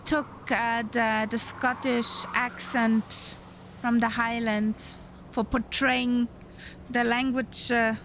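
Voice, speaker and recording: Slow, halting woman streamer. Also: a little high, little pitch movement, fairly bright tone, slight background noise. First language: German. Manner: slow, halting speech with fillers. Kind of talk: casual chat.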